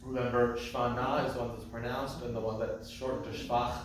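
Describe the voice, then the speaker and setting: A man's voice: medium pitch, flat delivery, slight background noise. Man chanting lessons in an echoey room. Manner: patient, explains details, chants phrases slowly. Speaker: cantor teaching Torah chanting. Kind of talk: class teaching with sung examples. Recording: echoey distant room mic.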